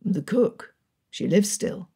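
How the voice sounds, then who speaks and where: A woman reading the part of a brooding young Regency gentleman, pitched low and delivered slowly with strain in the voice. The tone stays mellow and breathy, as in a storybook audiobook. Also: sing-song, full character voice. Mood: subdued.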